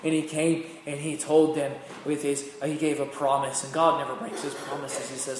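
A man's voice: a little high, flat delivery. Man preaching in an echoey hall. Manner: swings between loud emphatic peaks and hushed, slow phrases. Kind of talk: sermon. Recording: echoey hall with long reverb, faint noise.

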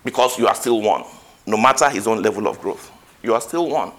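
A man's voice: lowish voice, lively intonation, a little fast, a bit bright. A man preaching a sermon, quoting scripture and rising to emphatic peaks.

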